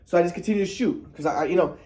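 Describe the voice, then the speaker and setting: A man's voice: high-pitched, very fast, dark tone. A man telling a personal story in a casual monologue, rambling, repeating himself and cursing.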